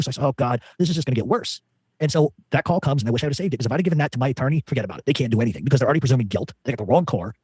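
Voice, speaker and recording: A man's voice: medium pitch, lively intonation, rapid-fire, a little mellow, husky, no echo. A man telling a long rambling story as an interview guest, full of fillers and quoted dialogue.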